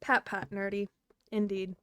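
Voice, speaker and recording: A woman's voice: medium pitch, flat delivery, a little slow, fairly bright tone, clear, resonant tone, dry recording. A woman streaming live, chatting casually and scatteredly with her chat and laughing often.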